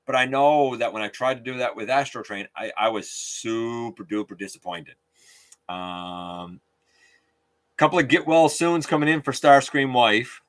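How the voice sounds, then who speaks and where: A man's voice: medium pitch, a little slow, fairly bright tone. A man hosting a casual live stream, chatting openly and outspokenly while reading out viewer comments.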